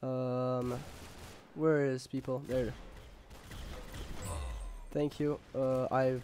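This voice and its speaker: A young man casually commenting on his gameplay, rambling with lots of fillers and jokes, and sometimes yelling when excited. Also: mid-range voice, drawn-out words, a little hiss or hum. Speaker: gamer.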